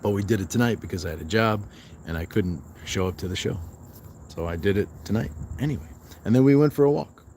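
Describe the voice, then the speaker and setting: Low-voiced man reading his stream chat. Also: fast, a little mellow, slight background noise. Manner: chatty, reads viewer comments aloud and answers them. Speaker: fitness livestream host. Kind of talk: casual livestream chat, reading comments aloud. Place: outdoors at night, resting during a walk.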